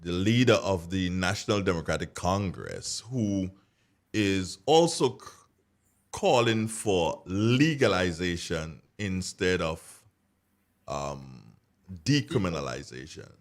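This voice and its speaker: A man from Grenada with a Grenadian accent, hosting a radio talk show and speaking in a halting way with many fillers. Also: sits low, animated. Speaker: radio host.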